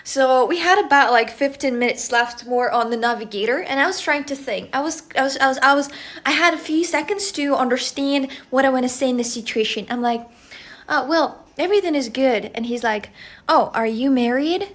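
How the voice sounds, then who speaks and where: A woman's voice: high-pitched, a little fast, fairly bright tone. A young woman from Russia telling a rambling story in casual chat, laughing often and swearing. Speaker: streamer.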